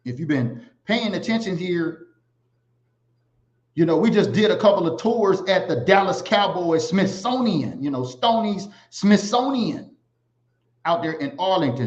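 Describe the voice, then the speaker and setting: A man hosting a casual livestream, animated and giving shout-outs to viewers. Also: high voice. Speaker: livestream host. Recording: echoey, slightly dull sound.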